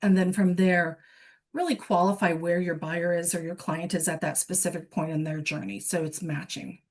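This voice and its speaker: A woman's voice: on the low side, steady tone, moderate pace, darkish tone. A woman business coach, a guest in an online summit interview, explaining her method earnestly, often restarting her sentences. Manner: earnest, lots of restarts and self-corrections.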